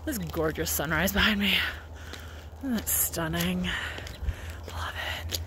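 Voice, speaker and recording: A woman's voice: lowish voice, takes it slowly, long pauses. A woman vlogging casually while walking her dog outdoors, rambling along with plenty of "like" fillers. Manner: chatty and rambling, many "like" fillers. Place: outdoors at sunrise. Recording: outdoor ambience with noticeable background noise.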